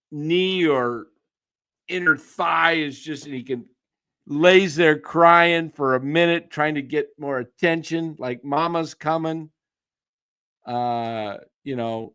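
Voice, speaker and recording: Slow, scornful ranting man. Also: a little high, a bit bright, clear, resonant tone. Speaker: sports commentator ranting to his viewers. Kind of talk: casual sports rant.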